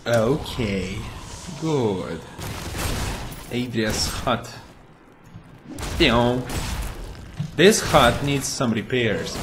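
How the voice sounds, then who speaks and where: A man's voice: medium pitch, lively intonation, a little slow, noisy background. A man giving casual, playful commentary while playing a video game, chatting and making goofy sound effects. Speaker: gameplay commentator. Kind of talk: casual let's-play commentary.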